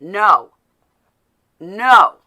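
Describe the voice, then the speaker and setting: A woman's voice: mid-range voice, big pitch swings, extremely slow, sharp tone. A woman vlogger in a rambling, sarcastic live video from home, greeting viewers by name as she talks. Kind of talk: casual rambling political rant.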